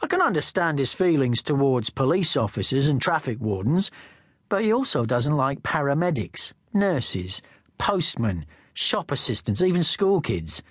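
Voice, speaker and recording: A male audiobook narrator telling the story in the first person in a wry, chatty way. His voice sits at an average pitch and the recording is close and dry. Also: very animated, moderate pace, a bit bright, husky, no echo.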